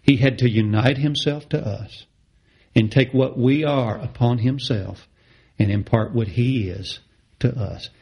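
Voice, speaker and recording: A middle-aged male preacher delivers a sermon at an unhurried pace, leaning hard on repeated phrases. His voice is gravelly and a little husky, and it jumps upward in pitch whenever he drives a point home. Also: mellow. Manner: impassioned, repeats phrases for emphasis, rises sharply in pitch on key words.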